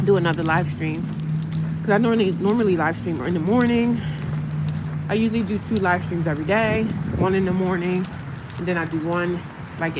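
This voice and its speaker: A woman live-streaming outdoors in the cold, talking casually to her viewers and to herself. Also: fairly low pitch. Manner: chatty, talks to herself, animated when retelling. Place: outdoors in the cold, near cars. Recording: outdoor phone audio with clear street noise.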